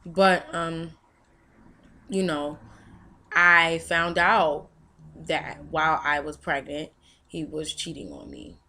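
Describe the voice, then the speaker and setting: A woman's voice: low voice, expressive, slow, pauses often, bright, forceful tone. A young woman vlogger telling a personal story candidly and emotionally, with frequent fillers. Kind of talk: personal testimony vlog.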